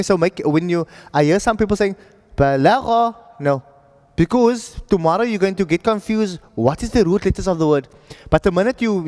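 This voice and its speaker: Teacher, male, patient, keeps checking the class follows; high-pitched, room echo. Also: darkish tone. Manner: patient, checks in with students often. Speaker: Arabic reading teacher. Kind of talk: classroom lesson.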